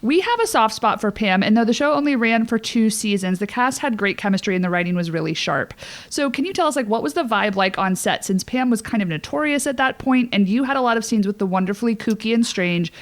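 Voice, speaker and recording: Fast-talking woman podcast host. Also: a little high, lively intonation. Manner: reads questions briskly, laughs along. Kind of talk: casual interview hosting.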